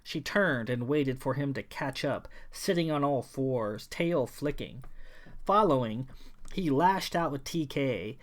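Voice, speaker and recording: A man narrating his own science fiction novel in a measured, even storytelling read. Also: mid-range voice. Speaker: author and narrator. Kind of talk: audiobook narration.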